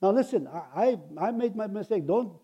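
Stammering, high-pitched male preacher. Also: expressive, fairly quick, breathy edge, lo-fi sound. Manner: swings between loud exclaiming and low confiding asides; stammering restarts, chuckles, addresses the congregation. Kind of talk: sermon.

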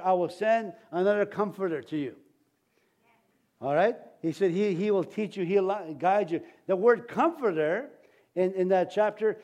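High-voiced pastor preaching, folksy and rambling. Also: male voice, a little mellow. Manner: folksy, rambling delivery with many restarts. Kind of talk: sermon.

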